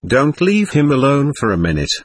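A man reading an urgent young noblewoman in a hurried whisper, with a husky voice. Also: medium pitch, wildly swooping pitch, dry recording. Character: anxious commanding young noblewoman.

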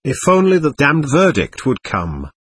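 A man's voice: on the high side, wildly swooping pitch, measured pace, husky, heavily acted. Man playing a bitter, contemptuous young man. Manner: irritable, contemptuous.

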